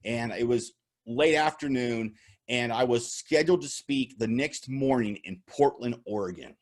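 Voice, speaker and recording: Upbeat male keynote speaker on a video call, animated storyteller who laughs at his own jokes, bright, swinging delivery. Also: mid-range voice. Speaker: motivational speaker. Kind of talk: virtual keynote talk with storytelling.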